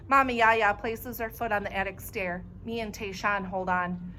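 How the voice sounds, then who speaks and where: Bright-voiced woman reading aloud. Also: medium pitch, unhurried, a little hiss or hum. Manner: clear, expressive storytelling. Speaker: children's librarian. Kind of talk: reading a chapter book aloud.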